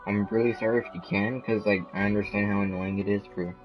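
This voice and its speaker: A young male streamer chatting casually, sniffling and eating as he plays. His voice sits low and comes through a dull, lo-fi mic. Faint game music plays underneath. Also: steady tone, fast talker. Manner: rambling, sniffling, talks while eating. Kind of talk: casual gaming commentary.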